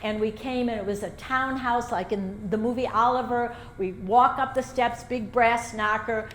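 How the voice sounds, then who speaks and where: Older woman, animated storyteller, fairly high voice, roomy echoing hall. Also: moderate pace, a little hiss or hum. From Chicago, USA. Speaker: author giving a talk. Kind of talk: storytelling talk to a live audience. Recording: roomy echo, faint ambience.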